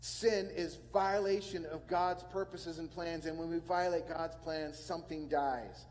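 Pastor, male, fairly high voice, earnest sermon delivery with lots of repetition, long hall reverb. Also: steady tone, a little slow, darkish tone. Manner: earnest, repeats words and phrases for emphasis.

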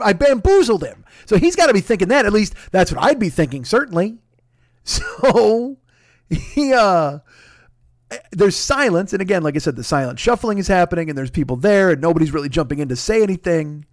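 Guy on a podcast telling a gross funny story, swears a lot, goes quiet then loud, kinda high voice, dry close sound. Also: brisk, no room sound. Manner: profane, animated, swings between hushed re-enactment and loud exasperation. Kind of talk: comedic personal storytelling.

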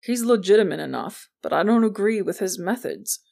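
A woman voicing a calm, protective male police sergeant who speaks steadily and reassuringly in an audiobook. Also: mid-range voice, fairly quick, vocal fry. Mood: steady.

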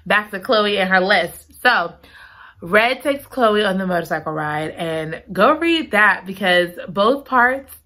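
A woman recapping a book in casual chat, gushing and giggly, repeating her excited exclamations. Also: mid-range voice, takes it slowly. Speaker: book reviewer.

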